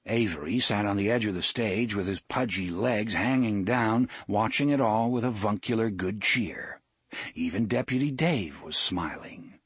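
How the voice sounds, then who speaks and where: A man narrating an audiobook in a measured, expressive storytelling manner. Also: fairly low pitch, husky, no echo. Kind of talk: scripted narration.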